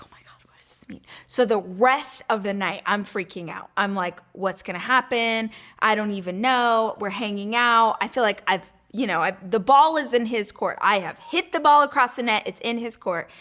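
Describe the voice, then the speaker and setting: A woman hosting her own talk show, telling a personal story in a gushing, animated way and acting out her own thoughts. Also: medium pitch. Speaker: podcast host. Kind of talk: casual storytelling chat.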